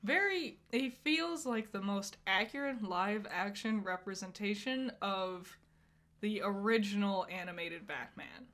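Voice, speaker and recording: A woman's voice: medium pitch, unhurried, fairly bright tone. A woman co-hosting a podcast, chatting casually with many fillers and frequent laughs. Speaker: podcast co-host. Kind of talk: casual chat.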